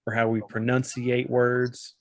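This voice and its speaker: A man's voice: medium pitch, monotone, unhurried, no room sound, clean studio sound. A man with a Texan accent, an easygoing podcast co-host who laughs a lot in casual chat. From Texas.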